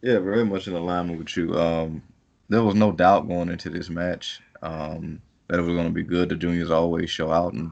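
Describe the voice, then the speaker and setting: A man's voice: low voice, flat delivery, normal speed, gravelly, a little mellow, dull audio. A man co-hosting a casual wrestling chat, rambling loosely and laughing as he talks. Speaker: podcast co-host.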